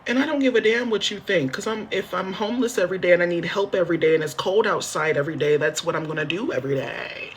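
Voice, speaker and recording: High and fairly bright, this man's voice comes through with slight background noise. In casual livestream chat from a motel room on his phone, he rambles, repeats himself and curses freely, addressing viewers directly and half jokingly as he asks for help.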